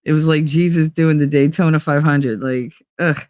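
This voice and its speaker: A woman's voice: low voice, fairly even intonation, moderate pace, darkish tone, dry recording. Laughing, foul-mouthed woman streamer, dry sound. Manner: candid and profane, laughs often; acts out quoted voices. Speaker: livestream host. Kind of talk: casual live-stream chat.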